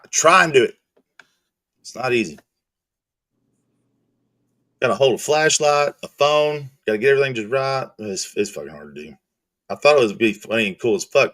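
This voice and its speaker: A male streamer hosting a casual chat, telling profane, animated stories. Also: mid-range voice, no echo, clean studio sound. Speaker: streamer host.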